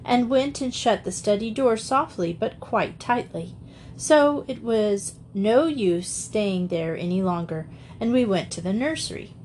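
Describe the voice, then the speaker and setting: A woman's voice: medium pitch, lively intonation, a little slow, a little mellow, a little hiss or hum. A woman reading a classic children's novel aloud as an audiobook narrator, giving the characters light voices. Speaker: audiobook reader.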